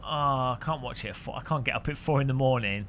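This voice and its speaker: A fast-talking man with a mid-range, fairly bright voice gives casual live-stream commentary as he sim races. He banters with viewers and laughs frequently. There's a slight hiss or hum in the audio.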